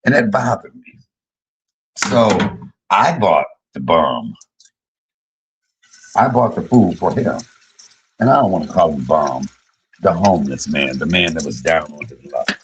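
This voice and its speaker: A middle-aged man, a comedian, telling profane, joking stories on a casual livestream and jumping high in pitch when he quotes people. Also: animated, a little slow, pauses often, background noise. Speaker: comedian and YouTube cook.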